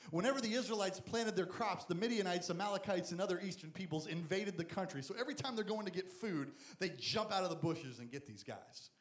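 A man preaching a lively, jokey sermon as a youth pastor, acting out Bible stories. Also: high voice, brisk, hardly any pauses, reverberant. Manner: energetic, jokey, acts out Bible figures.

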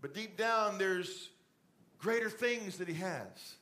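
A middle-aged pastor delivers a sermon from a church stage. His voice sits fairly high for a man. He talks conversationally and slips into a soft, fatherly tone when he speaks to the congregation directly. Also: lively intonation, takes it slowly. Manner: conversational preaching, drops to a soft fatherly voice for asides.

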